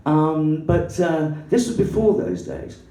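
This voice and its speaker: An English woman performs stand-up on a comedy club stage, telling a story in an excitable, sweary way and acting out its characters in shrill put-on voices. She speaks at a slow pace. The recording comes from a distance in a roomy hall, with faint background noise.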